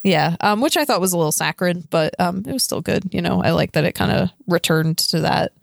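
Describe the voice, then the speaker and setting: A woman's voice: on the low side, a little fast, creaky, no echo, clean studio sound. A woman co-hosting a casual book discussion podcast, talking loosely and often saying "like" and "you know". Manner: chatty, heavy use of "like" and "you know". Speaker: podcast co-host.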